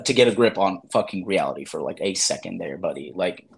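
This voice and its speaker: Deep and creaky, with lively intonation and a slightly fast delivery, this man in his thirties talks as a guest in a casual interview. Raised by immigrant parents and once on a reality show, he rambles profanely, packing in fillers and acted-out quotes.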